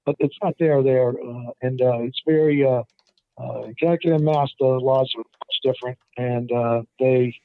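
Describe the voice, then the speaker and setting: A man's voice: steady tone, normal speed, no echo. A man, a guest appraiser, telling stories in a casual interview, rambling with many fillers and restarts. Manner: acts out the people in his stories in a higher voice. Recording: dry, tinny phone line.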